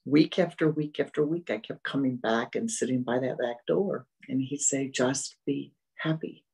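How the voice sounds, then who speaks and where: A spiritual teacher giving a meditative dharma talk, gentle and repetitive, often fading to soft murmurs. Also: mid-range voice, normal speed, vocal fry, husky, rough recording.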